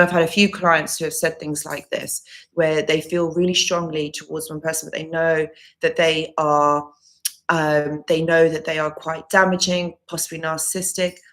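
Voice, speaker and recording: A woman's voice: deep voice, a bit bright. A woman recovery coach hosting a live Q&A stream, reading viewer comments aloud and answering with earnest, reassuring advice that she often repeats.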